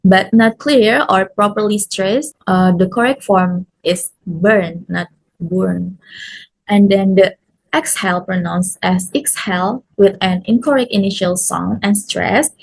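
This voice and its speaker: A woman's voice: medium pitch, poor audio. A young woman with an Indonesian accent, a student reading out her class assignment in a methodical, list-like way with fillers. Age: young adult. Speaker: student presenter.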